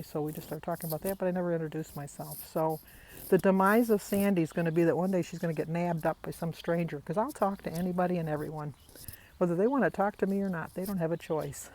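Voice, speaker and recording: A woman's voice: on the low side, quick pace, darkish tone. An older woman vlogging casually, a rambling, chatty storyteller talking to her camera. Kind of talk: casual vlog chat.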